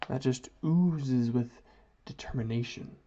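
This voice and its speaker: A man's voice: medium pitch, measured pace, dark tone. A man rambling through a philosophical monologue while he doodles, drifting into mock-grand phrasing. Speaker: vlogger. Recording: dull lo-fi audio.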